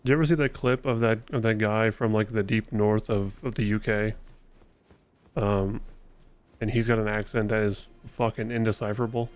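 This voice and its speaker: A man's voice: lowish voice, fairly even intonation, moderate pace, clear, resonant tone, faint music behind. A man streaming a video game live, chatting casually and a bit profanely with his viewers as he plays, rambling from thought to thought. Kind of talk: casual live-stream chat while gaming.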